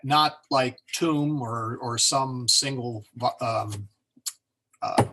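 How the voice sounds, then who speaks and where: A man teaching an informal class on pronouncing Latin, relaxed and chatty, joking with his students and slowly sounding words out to show them. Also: mid-range voice, noisy background. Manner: relaxed and chatty, many fillers and self-corrections, joking asides.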